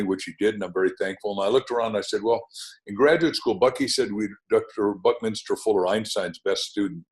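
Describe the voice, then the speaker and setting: Older guy on a podcast, lowish voice, rambling stories and big name drops. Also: a little fast, rough recording. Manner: anecdotal, name-dropping, rambling asides. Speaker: podcast guest, author. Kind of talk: podcast interview, enthusiastic storytelling.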